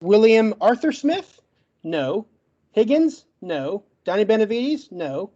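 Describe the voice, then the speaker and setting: A man giving a debate closing argument in a rapid, list-like way, with a stutter that makes him get stuck on words. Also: high-pitched, big pitch swings, warm tone, muffled recording. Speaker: debate participant.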